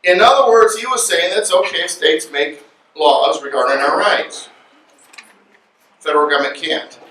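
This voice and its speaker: A man speaking to an audience at a luncheon, animated and joking as he lectures. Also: on the high side, normal speed. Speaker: guest speaker. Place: luncheon event room. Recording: echoey room from far off, faint noise.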